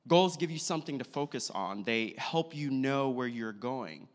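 A man, a pastor, preaching a sermon with a measured delivery and slow, deliberate emphasis. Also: mid-range voice, lively intonation. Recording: long hall reverb.

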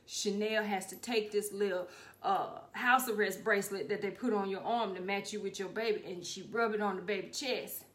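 A middle-aged woman telling a comic family story, profane and animated, with sudden loud bursts. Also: mid-range voice, moderate pace. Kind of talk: comedic storytelling.

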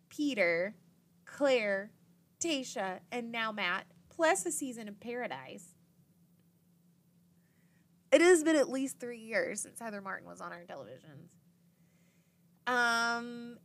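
A young woman hosting a podcast, casually recapping an episode in a chatty way, full of "like" and acted-out quotes. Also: on the high side. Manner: chatty, filler-heavy with frequent "like" and quoted reactions. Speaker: podcast host.

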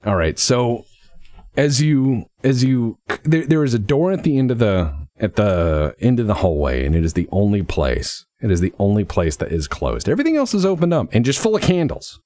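A man's voice: medium pitch, no echo, studio quality. A man narrating a tabletop game as game master, casual and full of restarts. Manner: relaxed, halting, lots of restarts.

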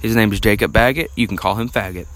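A man's voice: fairly low pitch, fast, fairly bright tone, rough recording. A young adult man, a podcast guest, rambling through a story in casual chat with many fillers.

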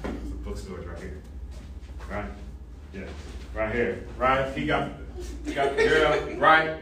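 A man's voice: mid-range voice, slow pace, recorded from a distance, noisy background. Echoey classroom lecture by a man. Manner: animated, asks the class questions, frequent "right?". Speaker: college ethics lecturer. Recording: echoey classroom recorded from afar.

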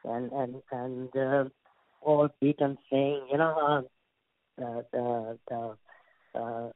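A man's voice: mid-range voice, steady tone, takes it slowly, no echo. An older man from India with an Indian accent, a guest actor telling rambling anecdotes full of stammered restarts. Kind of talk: casual interview storytelling. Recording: dry tinny phone-like line.

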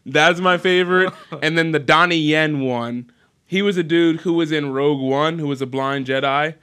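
Young male host for a loose entertainment chat show; bright, lively delivery full of jokes. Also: a little high, normal speed, clear, resonant tone. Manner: joking, animated storyteller who mimics voices. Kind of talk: casual podcast chat.

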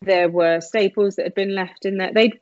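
A woman telling a personal story in conversation, candid and emotional with quick asides. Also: mid-range voice, fairly even intonation, muffled recording. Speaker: guest sharing her story.

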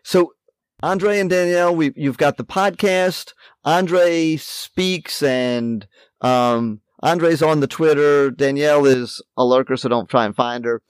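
A male podcast host of middle pitch, recorded with a dry sound and no room echo. He chats casually with self-mocking humor, giving lots of small replies to his guests. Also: slow, clean tone. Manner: chatty, self-mocking humor, many filler backchannels.

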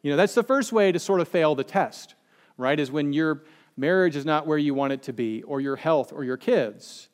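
Male pastor, slightly higher-pitched voice, relaxed joking sermon delivery. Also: normal speed. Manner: chatty, joking, acts out quoted people. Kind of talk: conversational sermon.

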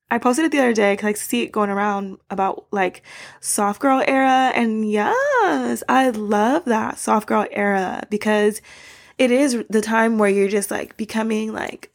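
A woman's voice: a little high, gravelly. A young woman hosting a casual solo podcast, rambling and laughing between fillers. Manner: rambling, giggly, many fillers. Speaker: podcast host.

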